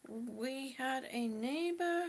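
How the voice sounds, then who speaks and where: A middle-aged woman chats on a live stream, a little short of breath, with a slightly high voice. She talks slowly and fondly to her viewers and calls them sweetie and honey. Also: lively intonation. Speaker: vlogger chatting with live viewers. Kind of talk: casual live-stream chat.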